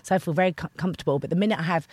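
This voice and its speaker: A woman's voice: fairly low pitch, rapid-fire, slightly rough, no echo. A young woman from Lincolnshire, an actor chatting animatedly in a podcast interview and slipping into voices as she tells stories. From England, Lincolnshire. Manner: animated storyteller, slips into voices. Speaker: actor guest. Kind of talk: casual podcast chat. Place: indoor room.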